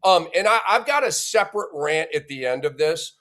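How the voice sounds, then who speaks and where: A man's voice: on the high side, animated, normal speed, pushed and bright. A man hosting a sports podcast, giving an emphatic, opinionated rant and punctuating his points with a questioning "okay?". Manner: blunt and insulting toward critics.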